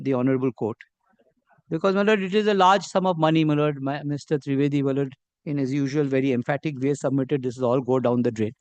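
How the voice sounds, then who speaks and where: A middle-aged man with an Indian English accent argues before a court as an advocate, speaking haltingly and peppering every phrase with "my lord" as he constantly addresses the bench. He fires off pointed rhetorical questions in a high-pitched voice, with no echo.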